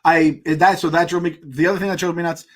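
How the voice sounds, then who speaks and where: Excitable swearing male podcast host. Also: a little high, quick pace. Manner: excitable, swearing, rambling with many fillers. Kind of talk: casual chat.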